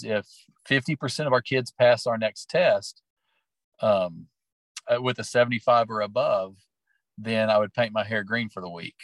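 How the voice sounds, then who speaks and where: A man's voice: medium pitch, no echo. A man who teaches and coaches, talking casually in an interview about his classroom, rambling with lots of fillers. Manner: chatty, storytelling, lots of fillers.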